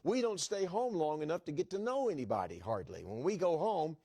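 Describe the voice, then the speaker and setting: A man's voice: fairly high pitch, sing-song, fairly quick, mellow, no room sound. A middle-aged man preaching as an evangelist in a church, telling a folksy story and acting out the dialogue. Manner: folksy, acts out dialogue with restarts. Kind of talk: storytelling sermon.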